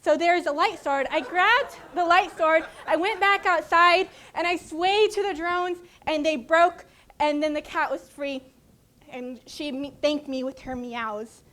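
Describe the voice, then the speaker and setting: Casting: woman contest speaker, high voice, lively comic storytelling. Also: measured pace, a little hiss or hum. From Arizona, USA. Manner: animated storytelling, often laughing. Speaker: speech contest competitor. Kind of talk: humorous tall-tale speech.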